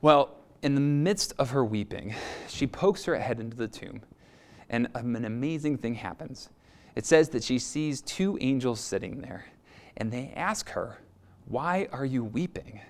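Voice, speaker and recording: A man preaching a sermon, retelling a story in a lively, expressive storytelling manner. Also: medium pitch, measured pace. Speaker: pastor.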